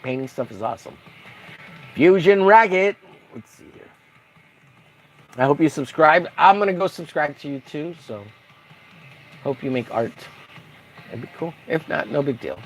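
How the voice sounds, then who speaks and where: A man's voice: on the high side, animated, normal speed, pauses often, faint music behind. A young man chatting on a casual painting livestream, rambling and joking crudely while reading the chat aloud.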